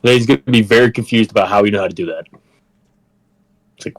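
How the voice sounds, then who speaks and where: A man's voice: fairly low pitch, fast, long pauses, poor audio. A man in a tabletop game, talking casually and hesitantly with a lot of "like". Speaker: player. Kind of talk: tabletop role-play.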